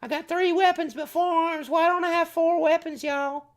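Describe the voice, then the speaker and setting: A man's voice: very high-pitched, fairly even intonation, moderate pace, pitched above the performer's own voice. A man voicing a boastful four-armed male insect warrior who taunts and shows off. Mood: brash taunting. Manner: brash, taunting, showing off.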